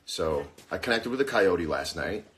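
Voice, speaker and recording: This livestream host is a man whose voice sits low, speaking at a normal speed through a phone microphone with a slight hiss or hum. Despite a mouth that aches from a dental issue, he rambles along animatedly, cracking jokes.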